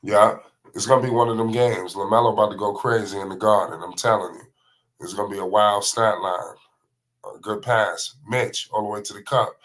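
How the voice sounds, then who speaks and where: Man, play-by-play livestream caller, low voice, excitable, slangy. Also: a little fast. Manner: excitable, slangy, calls every pass by name. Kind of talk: live play-by-play commentary.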